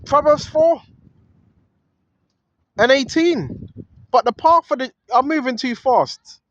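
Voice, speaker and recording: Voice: sits high, takes it slowly, muffled recording. A vlogger, talking outdoors on a street into a handheld phone. The talk is a repetitive, preachy monologue that quotes scripture and keeps asking "right?".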